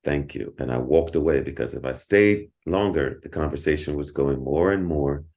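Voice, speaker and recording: Deep-voiced middle-aged man, podcast guest, animated storyteller with frequent laughs and restarts. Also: moderate pace. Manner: animated, repeats words, laughs often. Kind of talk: casual storytelling.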